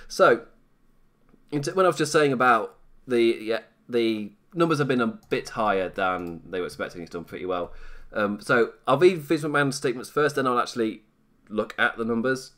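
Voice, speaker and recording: A man's voice: medium pitch, normal speed, a bit bright. A British man hosting a live stream, commenting casually in a rambling, self-mocking way and laughing often.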